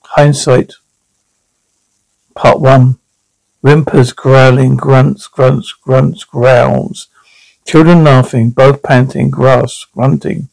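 Man, gravelly voice, mid pitch, plain audio drama reader. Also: level tone, drawn-out words, pauses often, a little mellow, no echo, low-quality recording. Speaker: narrator and sole reader. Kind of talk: reading an audio drama, speaking sound cues.

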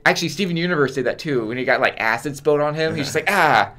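A man's voice: fairly high pitch, rapid-fire, fairly bright tone. A man co-hosting a casual podcast chat, wry and fond of quoting lines in mock voices. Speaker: podcast co-host.

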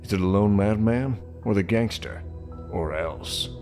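A man's voice: fairly low pitch, a little slow, soft background music. A man hosting a let's-play video, giving joking, sarcastic commentary as he plays. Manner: animated, joking, sarcastic asides. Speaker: gaming video host.

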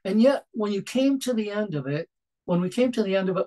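A man preaching a sermon in a gentle, reflective way, pausing often and restarting his phrases. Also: high voice, lively intonation, rough recording.

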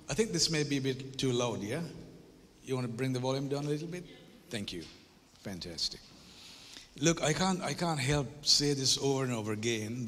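A man's voice: mid-range voice, pushed and bright, a little hiss or hum. A man speaks to a church audience on a handheld mic, his voice in the middle range for a man. He is chatty and playful, then leans into emphatic, preacher-like declarations, often tossing in tag questions. The sound carries a long reverb from the church auditorium. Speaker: guest workshop speaker at a church. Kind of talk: conversational church workshop talk.

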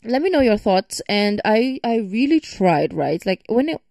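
A woman's voice: medium pitch, big pitch swings, a little slow, vocal fry, a little mellow, dry recording, clean studio sound. A woman giving casual reaction commentary, ranting in an emphatic, exasperated way. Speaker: reaction video creator.

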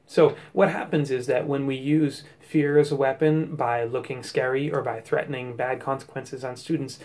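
A man's voice: a little high, darkish tone. A man and teacher giving an explanatory talk, reasoning step by step through classroom examples. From United States.

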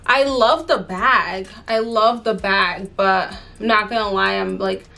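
A woman's voice: medium pitch, steady tone, takes it slowly, creaky, pushed and bright. A young adult woman chatting casually through a handbag unboxing, chatty and exasperated, full of fillers. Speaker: fashion vlogger.

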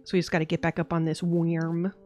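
A young woman streaming a game, chatting casually and excitably and swearing freely. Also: fairly low pitch, fast talker, soft background music. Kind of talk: casual live-stream chat.

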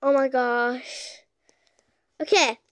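A woman giving casual, excitable gameplay commentary as a gaming YouTuber, gushing with exclamations. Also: high-pitched, very slow, no room sound, clean studio sound.

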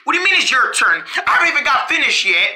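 A storyteller acting out an improvised toy play, switching quickly between bossy and whiny character voices and giggling through lines. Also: high-pitched, very animated, sharp tone. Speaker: storyteller voicing every character.

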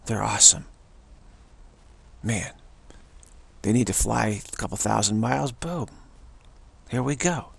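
A man's voice: fairly low pitch, lively intonation, a little slow, gravelly, pauses often, breathy edge, low-quality recording. A male yoga teacher giving a rambling spiritual talk, emphatic and full of repetition. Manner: emphatic, repeats himself.

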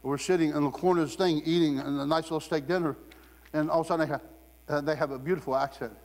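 Animated male preacher in echoey church. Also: fairly high pitch, quick pace. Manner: animated storyteller, acts out quotes in raised voice. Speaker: guest preacher. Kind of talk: sermon with humorous stories. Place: church sanctuary. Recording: long hall reverb, mains hum.

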